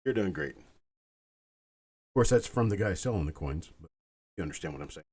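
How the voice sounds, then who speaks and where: A man hosting a live online coin auction, calling bids in a calm, soothing, unhurried way. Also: sits low, breathy edge. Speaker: auctioneer host.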